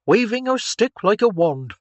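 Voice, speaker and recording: A man reading an audiobook, voicing a gentle father telling his small daughter a story. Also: high voice, big pitch swings, moderate pace, dry recording, voice pushed up. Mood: fond. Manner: fond storytelling tone to his child. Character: gentle father, a former soldier.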